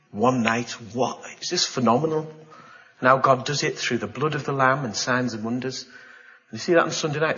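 A pastor preaches to his congregation like a storyteller, his bright, forceful mid-range voice dramatising events with gasps and exclamations. The recording sounds slightly dull and lo-fi.

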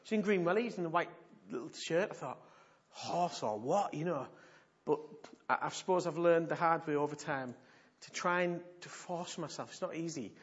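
A man's voice: fairly high pitch, brisk, husky. A man preaching in church, a pastor telling stories animatedly and repeating points for emphasis. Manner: animated storytelling, emphatic repetition. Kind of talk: sermon teaching. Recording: dull lo-fi recording.

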